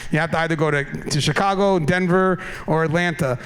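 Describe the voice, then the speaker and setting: High-voiced man telling a road story. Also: brisk, clean tone. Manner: animated, casual storyteller who swears and laughs at his own story. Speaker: keynote speaker. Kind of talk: humorous travel anecdote in a keynote speech. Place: conference hall on stage. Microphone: stage microphone.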